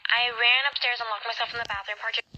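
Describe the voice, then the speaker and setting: Woman, very sharp bright tone, casual rambling storytelling, filler-heavy. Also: a little high, steady tone, fast talker, dull audio, slight background noise.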